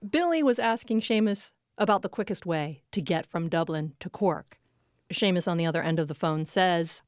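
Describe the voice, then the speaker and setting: A woman's voice: on the low side, normal speed, no room sound, clean studio sound. A woman hosting a podcast interview, playful and upbeat, telling jokes between questions. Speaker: podcast host. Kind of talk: casual interview chat.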